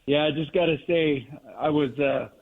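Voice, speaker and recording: Middle-aged male caller on a tinny phone line. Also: on the high side. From Monterey Bay area, California. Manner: heartfelt, slow and reflective. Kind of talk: call-in reminiscing.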